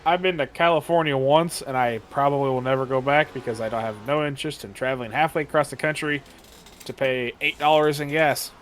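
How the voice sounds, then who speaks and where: A man calls an online sim race in a loose, easygoing way, cracking jokes and rambling between updates on the cars. His voice sits at an ordinary middle pitch. A faint hiss of background noise runs under it. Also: a little fast, fairly bright tone. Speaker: sim racing commentator. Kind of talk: casual race commentary.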